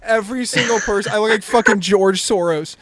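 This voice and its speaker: A man co-hosting a comedy podcast, excitable and profane in casual chat over a video call. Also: sits high, fairly quick, noisy background. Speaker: podcast co-host.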